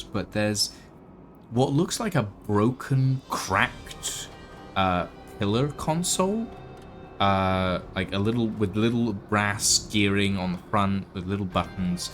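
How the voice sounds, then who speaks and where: A man narrating a tabletop game as game master, in slow, hesitant description with many fillers. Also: fairly low pitch, lively intonation, soft background music.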